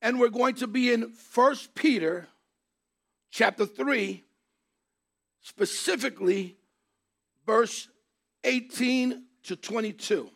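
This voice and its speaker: High, gravelly male preacher. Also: takes it slowly, long pauses. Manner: emphatic, repeating key phrases and rising to shouts. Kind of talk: sermon.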